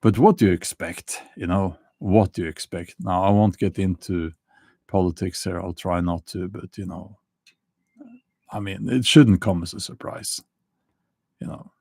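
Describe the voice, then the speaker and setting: A middle-aged man with a Norwegian accent, hosting a casual livestream chat, talking slowly with many fillers and dry laughs. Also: sits low, steady tone, gravelly, darkish tone, no room sound. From Norway. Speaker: livestream host.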